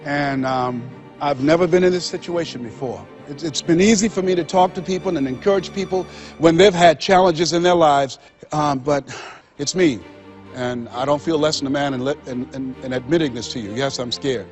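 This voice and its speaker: A man's voice: on the high side, moderate pace, lo-fi sound. A man giving a motivational speech to an audience, emphatic and preacherly, with rhythmic repetition. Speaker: motivational speaker. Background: faint background music.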